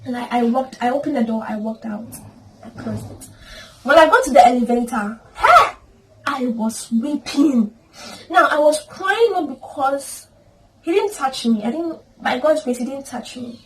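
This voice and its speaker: A woman with a high-pitched voice tells a personal story to camera, earnest and emotional, with prayerful asides. She sits some distance from the mic, and a faint hum of ambient noise runs underneath. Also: animated, unhurried. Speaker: storytime vlogger.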